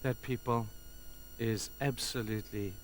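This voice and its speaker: A man's voice: medium pitch, steady tone, measured pace, slight background noise. A man who is a pastor, preaching a passionate sermon to a congregation in a church and acting out the voices he quotes. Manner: impassioned, acts out quoted voices. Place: church hall before a congregation.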